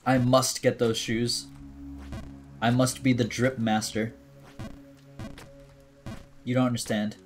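A man's voice: mid-range voice, level tone, takes it slowly, long pauses, soft background music. A man streaming a video game, chatting casually to himself and his viewers in a jokey way. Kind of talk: casual gameplay commentary.

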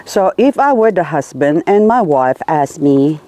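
A woman's voice: low voice, big pitch swings, a little slow, dark tone. A woman vlogging casually about her succulents and married life, laughing often mid-sentence. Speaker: gardening vlogger. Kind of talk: casual chat to camera.

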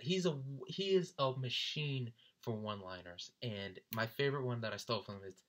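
Animated young man telling a story, bright voice. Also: mid-range voice, brisk. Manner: animated, laughing often, mimics friends. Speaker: vlogger recounting a concert. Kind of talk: casual storytelling.

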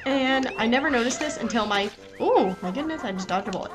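A young adult woman giving chatty, excitable gameplay commentary and talking back to the game characters. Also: on the high side, fast, hardly any pauses, poor audio. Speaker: let's play gamer. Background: game music.

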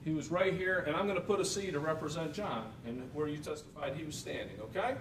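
A man questioning a witness in a courtroom cross-examination, leading him with short questions and frequent checks for agreement. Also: fast talker. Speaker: defense attorney. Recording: echoey room from far off, faint rumble.

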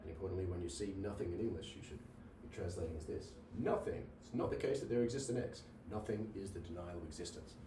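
Low-voiced male lecturer in an echoey room. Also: quick pace, hardly any pauses, background noise. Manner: talks through examples with frequent "right?" checks and fillers. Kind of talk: university lecture. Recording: roomy echo, voice from a distance, faint ambience.

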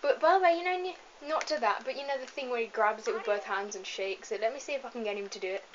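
A woman's voice: a little high, quick pace. A young woman chatting casually and rambling while playing a video game at home, filmed on a camera mic as she moves nearer and farther from it. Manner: chatty, giggly, rambling asides. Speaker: let's play gamer. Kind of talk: casual gameplay commentary. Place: home room, moving away from the camera at times. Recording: dull lo-fi camera audio with faint hiss.

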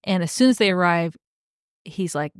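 A woman's voice: fairly low pitch, expressive, moderate pace, smooth, dry recording, studio quality. A woman co-hosting a podcast, earnestly retelling a novel's plot in casual chat, with lots of fillers. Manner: earnest storytelling with frequent "like", emotional. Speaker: podcast co-host. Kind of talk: casual book discussion.

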